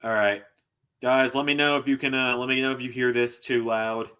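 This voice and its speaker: Bright-voiced man swearing through a live reaction. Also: mid-range voice, steady tone, moderate pace, smooth. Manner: swearing, exasperated, loud outbursts. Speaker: host reacting live to wrestling. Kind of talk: live reaction stream chat.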